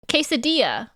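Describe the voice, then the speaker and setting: A woman's voice: high voice, bright, forceful tone. A woman from Canada, giving playful live-stream reaction commentary and teasing her chat.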